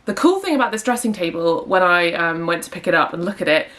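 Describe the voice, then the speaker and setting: A woman's voice: on the low side, expressive, fast talker, a bit bright. Chatty young woman vlogging at home. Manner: chatty, rambling with fillers. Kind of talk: casual vlog chat. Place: home indoors.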